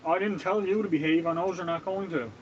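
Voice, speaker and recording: A man's voice: sits high, a little fast, muffled recording, slight background noise. A man from Canada chatting casually on a live stream while he cooks, laughing often and greeting viewers by name.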